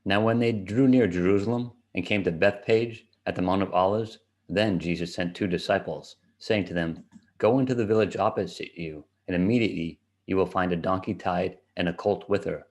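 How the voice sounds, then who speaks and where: A man giving a steady, measured reading of scripture aloud. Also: deep voice. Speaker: scripture reader.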